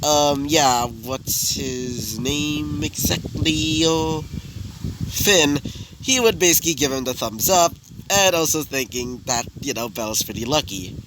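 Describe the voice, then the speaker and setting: A man's voice: mid-range voice, background noise. A man casually improvising a fan story, rambling with lots of fillers and correcting himself as he goes. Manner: rambling, heavy fillers, frequent self-corrections.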